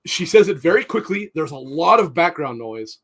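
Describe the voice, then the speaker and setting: A man's voice: fairly high pitch, big pitch swings, normal speed, a bit bright. A man, co-hosting a casual podcast, who talks bluntly, swears freely and stumbles over repeated words when worked up. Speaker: podcast co-host. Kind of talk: casual chat.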